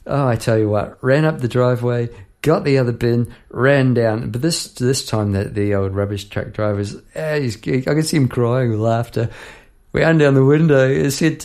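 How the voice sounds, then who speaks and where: A man's voice: medium pitch, normal speed, a little mellow. A middle-aged Australian man, a songwriter and piano teacher, chatting casually and laughing at himself as he tells a story.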